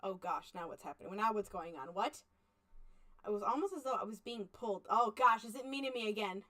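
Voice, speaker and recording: A young woman streamer reading an otome game aloud and chatting with viewers, animated, laughing often and playfully mock-angry. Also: medium pitch, fairly quick. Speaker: VTuber streamer.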